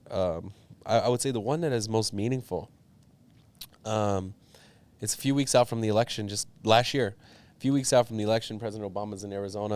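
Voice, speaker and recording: A young man, a politician, telling a personal story in an interview, earnest and animated, with many fillers. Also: fairly low pitch. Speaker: politician guest.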